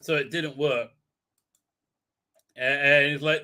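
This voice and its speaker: A man's voice: fairly high pitch, steady tone, slow pace, pushed and bright. A man hosting a live stream, recapping an episode in a rambling, irreverent way with lots of fillers. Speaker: show host.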